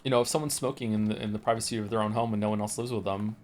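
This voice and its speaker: A man's voice: lowish voice, steady tone, racing, darkish tone. Rambling, profane man in his forties. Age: 40s. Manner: rambling, profane storytelling with many restarts. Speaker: streamer. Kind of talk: casual chat.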